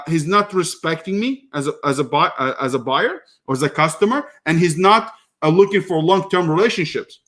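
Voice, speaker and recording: Animated man telling business stories. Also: high voice. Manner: animated storyteller, many restarts, voice rises when annoyed. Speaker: online business educator. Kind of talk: casual talk to camera.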